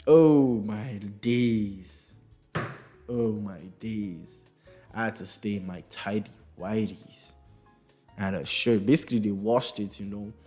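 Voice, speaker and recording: A young man in his early twenties telling a comedic story, animated, swearing freely and laughing through his lines. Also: lowish voice.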